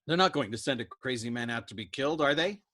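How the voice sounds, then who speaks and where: A man's voice: medium pitch, animated, fast, bright, forceful tone, pitched above the performer's own voice. A man voicing a frantic young airman who argues emphatically. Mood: agitated. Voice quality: emphatic, agitated. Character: frantic young male bombardier.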